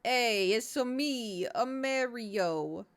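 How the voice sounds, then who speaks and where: A woman voicing the cheery male plumber hero Mario in a drawn-out, bouncy put-on accent. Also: on the high side, lively intonation, pitched above the performer's own voice, heavily acted. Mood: goofy.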